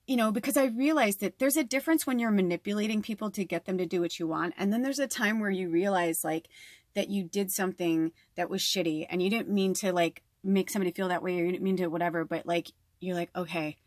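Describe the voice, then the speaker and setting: A woman's voice: mid-range voice, no echo, clean studio sound. A woman working as a psychic medium, giving a casual, meandering tarot reading from a tiny home. She talks in a chatty way, full of fillers, and swears freely.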